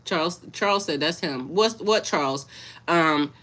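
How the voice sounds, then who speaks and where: Bright-voiced woman, blunt and laughing. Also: sits low, unhurried. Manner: blunt, laughs often, swears freely. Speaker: spiritual coach. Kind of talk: casual livestream chat with viewers.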